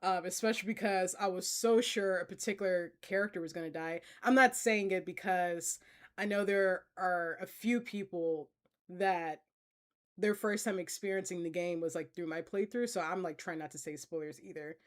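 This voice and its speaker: A woman's voice: fairly low pitch, normal speed. A woman streamer in a casual Q&A, chatting with her viewers, laughing often and using plenty of fillers. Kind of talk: casual Q&A reading chat comments.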